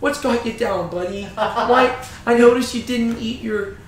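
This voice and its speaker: A man's voice: extremely high pitch, unhurried, far from the mic, slight background noise. A man voicing a scheming queen who babies her husband in a cooing, motherly tone. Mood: coddling. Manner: cooing, babying. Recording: very echoey room.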